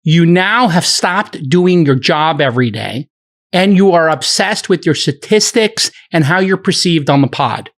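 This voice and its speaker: A middle-aged man moderating a podcast, ranting heatedly in a profane, animated argument. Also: a little high, measured pace.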